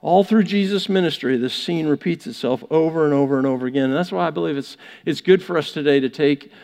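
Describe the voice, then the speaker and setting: A man with a high voice preaches a conversational sermon. He repeats his phrases and acts out quick mocking asides. His voice rings with a long reverb from a large room. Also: creaky, a little mellow. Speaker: pastor.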